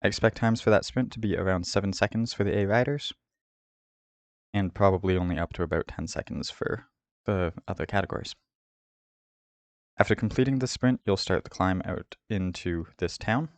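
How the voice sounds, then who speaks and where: A man hosting a route guide, giving a steady, methodical voice-over about a race course. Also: sits low, moderate pace, no echo. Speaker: host of a cycling route guide. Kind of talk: scripted voice-over over game footage.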